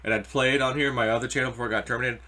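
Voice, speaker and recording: A man's voice: mid-range voice, fairly even intonation, rapid-fire, bright, forceful tone. A middle-aged man giving casual, rambling crypto market commentary with anecdotes and spiritual asides. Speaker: crypto YouTuber.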